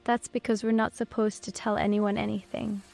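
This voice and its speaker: A secretive robed man with an intense, guarded manner, as a woman reader puts him on. The delivery is measured and flat, over faint music. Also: mid-range voice, gravelly, close to an everyday voice.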